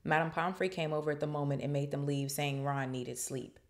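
A woman podcast host reading a novel aloud and breaking off for chatty, animated asides. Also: low voice, brisk. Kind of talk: reading aloud with casual commentary.

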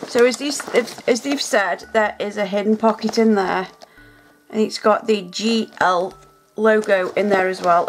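A woman hosting a casual unboxing vlog from home, gushing and excitable, gasping and exclaiming as she talks. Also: medium pitch, slight background noise. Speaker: nail art channel host.

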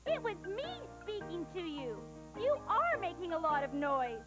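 A tiny, brave mouse with a squeaky, very high voice, as a woman puts him on. He argues boldly and sensibly in a children's storybook, with music playing behind him. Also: very animated, measured pace, heavily acted.

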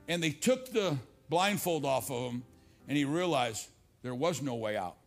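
An older man preaching a sermon to a congregation, rising on repeated lines and dropping low and confiding when he tells a story. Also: lively intonation, normal speed, soft background music. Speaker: pastor. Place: church stage before a congregation.

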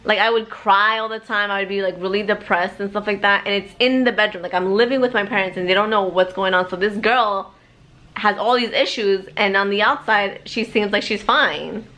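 A woman's voice: medium pitch, fairly even intonation, fairly quick, pushed and bright. A young adult woman vlogging at home, talking casually and reflectively, rambling with many "like"s. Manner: rambling, heavy use of "like". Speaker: vlogger and mother.

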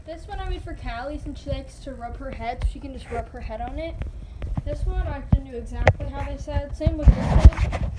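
A young woman hosting a casual pet vlog at home, chatting and coaxing her pets in baby talk. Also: high-pitched. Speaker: pet channel host. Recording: loud background noise.

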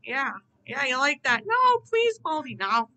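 A woman voicing a grumpy, quick-tempered bald male math teacher in his forties, indignant and threatening. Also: a little high, pushed and bright, poor audio. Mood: exasperated.

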